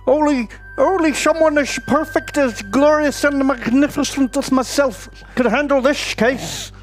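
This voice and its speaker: A pompous male detective brags about his own brilliance, as a man puts him on for a comic impression. The voice sits very high, with light music faintly underneath. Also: a little slow. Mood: boastful. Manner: pompous, grandiose. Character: smug, boastful male detective.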